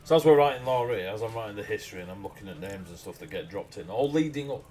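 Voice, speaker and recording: A man's voice: fairly low pitch, expressive, fast, a little mellow. A man with a Northern English accent, chatting loosely on a livestream while he writes game lore, rambling and losing his thread. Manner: rambling, loses his train of thought, self-mocking. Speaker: stream host writing game lore. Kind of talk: casual livestream chat.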